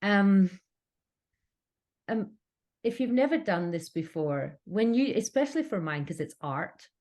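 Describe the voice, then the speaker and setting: A woman's voice: medium pitch, animated, measured pace, a little mellow. A Scottish woman talking earnestly as a podcast guest about running her business, with frequent restarts. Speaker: cake kit business owner, podcast guest. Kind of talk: casual interview chat.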